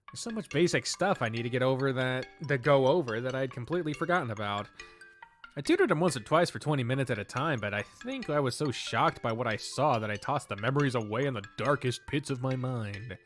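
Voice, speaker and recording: A man's voice: mid-range voice, brisk, a bit bright, faint music behind. A man reading a visual novel aloud as narrator, with a wry tone and the odd self-mocking aside. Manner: wry, swears and laughs at his own slips. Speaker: let's-play host.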